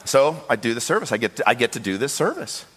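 A man preaching a sermon as pastor, telling a story with lively quoted voices. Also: mid-range voice, fast talker, a little hiss or hum. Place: church sanctuary. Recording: long hall reverb.

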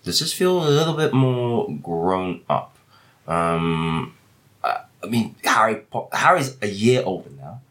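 A man hosts a loose discussion podcast, chatting and laughing easily as he presses his guests with questions. His voice is bright, a little low, and moves a lot in pitch. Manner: chatty, quick to laugh, asks probing questions. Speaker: podcast host. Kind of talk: casual discussion chat.

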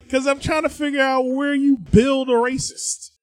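A man co-hosting a comedy podcast in casual chat, loud and joking, often laughing. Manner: high-pitched. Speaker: podcast co-host.

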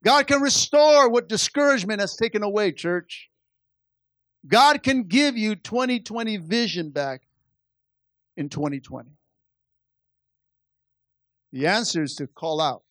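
Male pastor, high pitch, fervent sermon delivery with repeated calls, dry close sound. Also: expressive, measured pace, long pauses, fairly bright tone, no echo. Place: church service.

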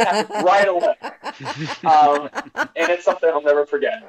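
A man's voice: on the high side, moderate pace, crowd noise. A man co-hosting a casual sports podcast, telling a story with lots of energy and acting out lines. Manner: animated storyteller, laughs and acts out lines. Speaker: podcast co-host. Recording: dull lo-fi sound.

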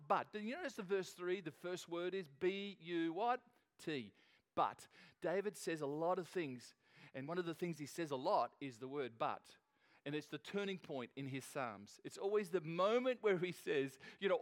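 A man preaching a sermon in an earnest, conversational way, often restarting and repeating phrases. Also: fairly high pitch. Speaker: pastor.

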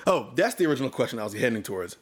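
A young man co-hosting a casual podcast, relaxed and conversational. He sometimes stammers and hedges when he is unsure, and his voice sits at an ordinary middle pitch. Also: racing, slightly rough. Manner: laid-back, hesitant, stammers when unsure. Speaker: podcast co-host.

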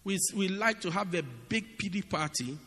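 A man preaching a sermon in an animated, humorous way, often asking his listeners if they get it. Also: high voice, moderate pace. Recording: long reverb of a large hall.

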